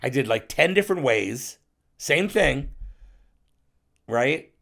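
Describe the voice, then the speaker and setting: A middle-aged man with a gravelly, creaky voice, telling long, loose stories as a podcast guest. He swears casually and slips into other people's voices as he goes, at an ordinary pitch for a man. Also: expressive, takes it slowly, fairly bright tone. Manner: profane, rambling storyteller who acts out others' voices. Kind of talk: casual storytelling interview.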